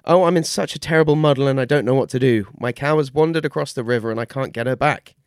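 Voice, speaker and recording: A man's voice: mid-range voice, fast talker, clean tone, no room sound, studio quality, lightly acted. A man voicing a fretful old woman in a folk tale, fussing over her lost cow. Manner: flustered, fussing.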